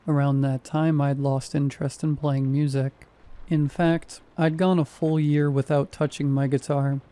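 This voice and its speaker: A man in his thirties narrates a first-person horror story with dry, deadpan wit. His voice sits slightly high with a dark, mellow tone, and he keeps an even, measured pace.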